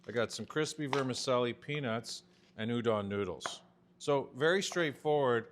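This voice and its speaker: In a home-style kitchen, a chef in his fifties gives a chatty cooking demonstration, joking as he goes. He speaks at normal speed in a mid-range voice, with pans and cutlery clattering in the background.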